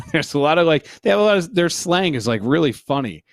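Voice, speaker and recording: A man from New Jersey co-hosting a casual sports podcast, animated, often mimicking other voices and laughing as he talks. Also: a little high, normal speed, no echo. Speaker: podcast co-host.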